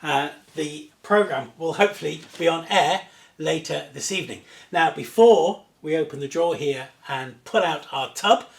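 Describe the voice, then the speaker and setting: In an echoey room at home, a man hosts a table football show, chatting to a camera on a tripod with enthusiasm and a self-deprecating streak. His voice is fairly high and creaky, and he talks at a moderate pace in a casual presenting style.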